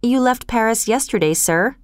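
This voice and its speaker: A woman voicing an earnest, troubled young nobleman in a storybook reading, with a smooth, clear voice. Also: a little high, lively intonation, normal speed, no echo, clean studio sound, close to an everyday voice. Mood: polite. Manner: earnest, pleading.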